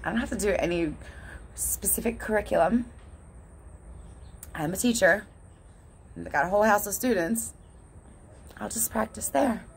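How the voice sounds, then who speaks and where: A woman's voice: medium pitch, animated, normal speed, gravelly, pauses often, husky. A woman talking in a casual, candid vlog monologue, swearing often and laughing between thoughts. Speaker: vlogger.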